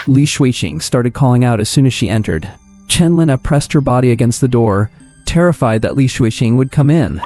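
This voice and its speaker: A man narrating a scripted comic story recap in a steady, even storytelling manner. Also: medium pitch, fairly quick. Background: faint music.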